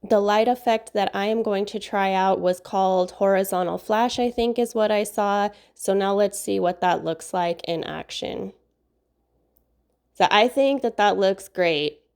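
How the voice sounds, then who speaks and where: A woman hosting a software tutorial, upbeat and enthusiastic, her voice nasal from a recent cold. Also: lowish voice, clear, resonant tone. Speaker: video tutorial host. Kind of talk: screen-recorded software tutorial.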